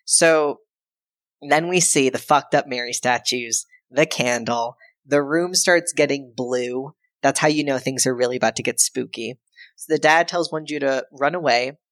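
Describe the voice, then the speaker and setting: Low-voiced woman recapping a film. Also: dry recording. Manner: animated, acts out characters' lines in quick put-on voices; loose and irreverent, with frequent fillers and profanity. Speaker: podcast co-host.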